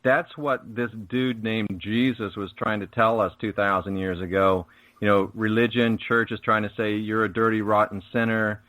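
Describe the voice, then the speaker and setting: A man's voice: fairly low pitch, steady tone, normal speed, a bit bright, no room sound, rough recording. A man speaking as a radio guest, telling stories in a preachy, emphatic way. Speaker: guest, spiritual network host. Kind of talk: casual radio interview.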